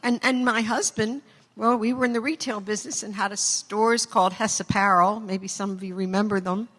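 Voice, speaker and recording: A woman's voice: medium pitch, steady tone, brisk, fairly bright tone. An older woman giving a chatty acceptance speech full of stories and self-deprecating asides, in a large hall. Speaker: award recipient. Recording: long hall reverb.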